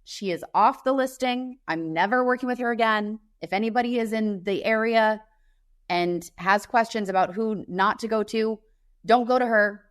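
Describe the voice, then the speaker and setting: A woman's voice: fairly high pitch, moderate pace. A woman co-hosting a podcast in casual chat, telling a story in a blunt, emphatic way. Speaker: podcast co-host.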